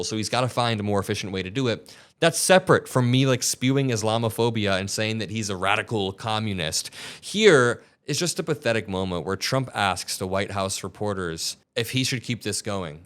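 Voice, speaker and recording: A man's voice: lowish voice, fairly bright tone. A man hosting an online political commentary show, talking in a blunt, combative way.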